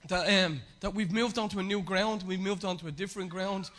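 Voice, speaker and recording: A man's voice: sits high, fairly even intonation, a little fast, fairly bright tone. A man, a pastor, preaching a sermon with emphatic repetition and frequent fillers.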